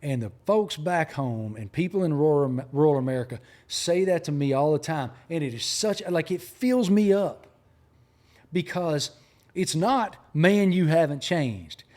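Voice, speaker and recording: A man from Appalachian Virginia with a Southern accent, a sports journalist telling stories with animated emphasis in an interview. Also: on the high side, measured pace. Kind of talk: storytelling interview talk.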